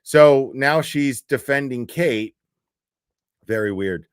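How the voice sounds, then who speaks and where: A man's voice: mid-range voice, slow pace, clear, resonant tone, no echo, studio quality. A man giving a profane, exasperated reaction commentary, reading posts aloud and mocking them. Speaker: commentary streamer.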